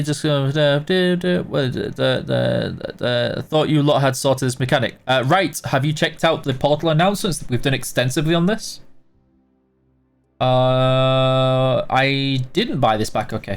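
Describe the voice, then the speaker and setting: Faint music plays behind this livestream host's creaky, mid-range voice as he plays a game at a moderate pace. Yawning and worn out, he reads out viewers' chat questions and tosses back casual, filler-laden answers.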